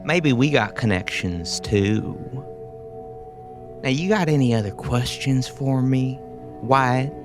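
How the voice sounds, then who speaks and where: A man's voice: medium pitch, slow pace, over music, lightly acted. A man voicing a hard-bitten young woman, a smoking gangster's moll who talks tough and calls people kid. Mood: cool.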